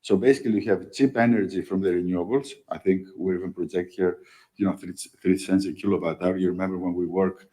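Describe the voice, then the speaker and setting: A man speaks in a very low voice, answering questions on a panel as a company executive. He talks haltingly, full of fillers, and drives his points home with tags like "okay?". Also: fairly even intonation, warm tone, poor audio. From Greece.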